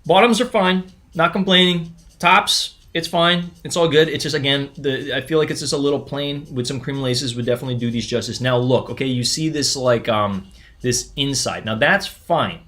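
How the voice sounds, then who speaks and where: Excitable man hosting a sneaker livestream. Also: medium pitch, normal speed. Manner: excitable, chatty, frequent restarts and stammers. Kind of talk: casual live unboxing commentary.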